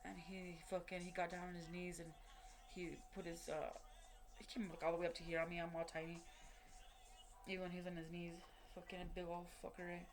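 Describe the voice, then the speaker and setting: A woman's voice: on the low side, level tone, a little fast, faint music behind. A woman recounting a personal story in a rambling, heavily profane way, full of fillers and restarts and acting out what people said. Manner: re-enacts what people said in quoted dialogue. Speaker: vlogger telling a personal story. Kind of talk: casual spoken storytelling.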